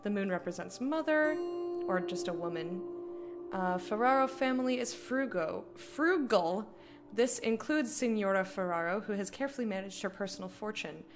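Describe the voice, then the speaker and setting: A woman's voice: mid-range voice, expressive, normal speed, music in the background. A young adult woman streaming a game, chatting, joking and reading the game text aloud. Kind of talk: casual live-stream commentary.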